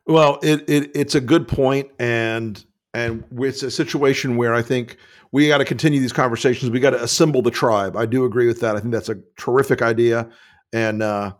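A man hosting a casual conversation, friendly and a bit halting. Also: mid-range voice, fairly even intonation. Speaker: host.

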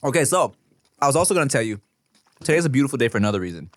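A podcast co-host in his thirties races through stories in casual chat, swearing and acting out voices along the way. His voice sits in the mid-range, and there's no room sound at all.

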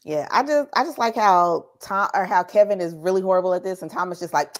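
A woman co-hosting a podcast, talking in a loose, slangy, animated way. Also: lowish voice, brisk, few pauses. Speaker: podcast co-host. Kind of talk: casual podcast discussion.

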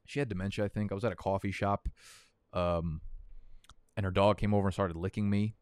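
A man's voice: sits low, fairly even intonation, a little fast, a little mellow, clear, resonant tone, no room sound, studio quality. A young man casually chatting and rambling, profane and prone to tangents, while hosting a fantasy football draft stream. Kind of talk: casual livestream chat.

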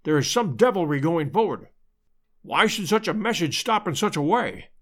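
A man's voice: a little high, lively intonation, normal speed. A man voicing a keen, decisive middle-aged detective in a storybook reading. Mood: urgent.

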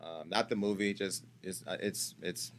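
A man's voice: deep voice, steady tone, normal speed, a bit bright. A man hosting a celebrity gossip show, talking in a brash, profane, teasing way as he chats casually and jokes with staff off camera.

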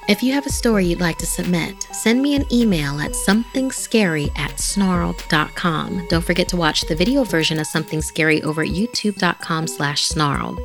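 A woman host narrating scripted horror stories with a measured, dramatic delivery. Her voice sits a little low, and soft music runs underneath.

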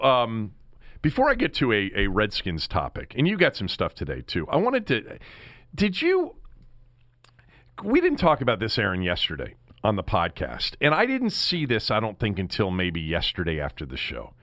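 A man hosting a sports talk show, telling stories in an animated way. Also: fairly low pitch, normal speed, no room sound, studio quality. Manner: animated storyteller. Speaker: sports radio host. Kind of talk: sports talk radio banter.

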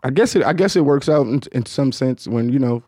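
An expressive, brisk, mellow-voiced man from Detroit, United States, hosts a casual podcast, talking low and mumbling in a loose, hard-to-follow ramble packed with fillers and curse words. The sound is dry with no room sound.

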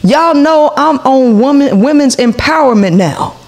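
A woman's voice: high-pitched, animated, a little slow, darkish tone. A woman in her forties, hosting a podcast, tells a heated story to her viewers, profane and full of asides to the audience. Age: 40s. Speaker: podcast host.

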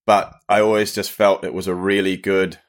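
A man's voice: sits low, little pitch movement, moderate pace. A man from New Zealand with a New Zealand accent, a podcast guest chatting casually and hedging with lots of "sort of". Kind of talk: casual interview chat.

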